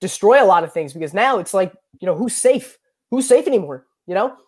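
A man's voice: high voice, animated, a little fast, darkish tone, no room sound, clean studio sound. A man co-hosting a sports podcast, chatting casually and stammering through restarts.

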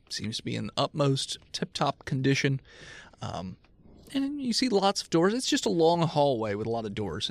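A man's voice: mid-range voice, creaky. A man narrating a tabletop game as game master, rambling and laughing as he describes scenes.

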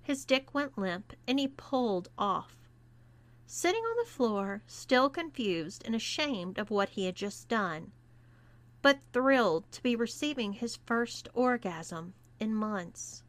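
A woman reading a scripted story aloud as narrator, in a deliberate manner. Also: on the high side, sing-song. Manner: slow and deliberate. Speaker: erotica reader.

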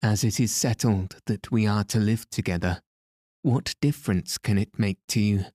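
A man's voice: on the low side, moderate pace, warm tone, dry recording, studio quality, natural voice. A man reading the lines of a frightened young woman in an audiobook, pleading and anxious. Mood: coaxing.

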